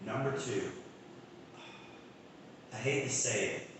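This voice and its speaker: A man's voice: mid-range voice, slow pace, background noise. A man co-hosting a podcast in casual chat, laid-back and full of slang and cursing. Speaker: podcast co-host. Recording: echoey room, far from mic.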